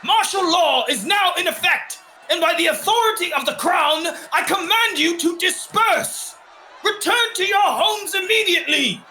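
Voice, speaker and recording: Man voicing a bellowing authoritarian noble officer, bright and tense, echoey room. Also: very high voice, animated, normal speed, slight background noise, full character voice. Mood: commanding. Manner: commanding, shouting proclamations. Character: stern male noble commander, authoritarian.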